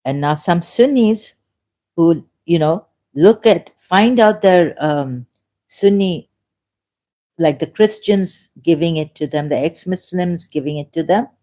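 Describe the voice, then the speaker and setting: A woman's voice: fairly low pitch, mellow. A woman hosting a livestream who talks off the cuff, often stopping, correcting herself and laughing. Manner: halting, self-correcting, with frequent laughs. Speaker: livestream host. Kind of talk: unscripted livestream commentary.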